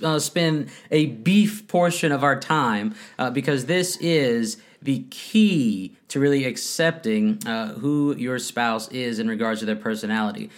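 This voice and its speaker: A man in his thirties co-hosting a casual faith-based marriage talk at home, animated and laughing often as he acts out quotes. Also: mid-range voice. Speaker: podcast co-host. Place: home room, kids nearby.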